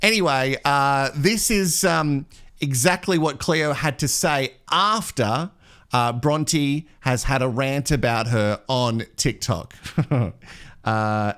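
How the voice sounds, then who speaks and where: A man's voice: mid-range voice, slow, a bit bright. Chatty Australian man hosting a gossip show. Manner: chatty, laughing, reading viewer comments. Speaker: host. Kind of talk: live show chat and gossip commentary.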